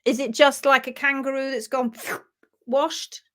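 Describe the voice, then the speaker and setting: A woman's voice: sits high, fairly even intonation, measured pace, a bit bright. A woman hoof trimmer hosting a casual live stream, playful and giggly as she reads viewers' comments aloud.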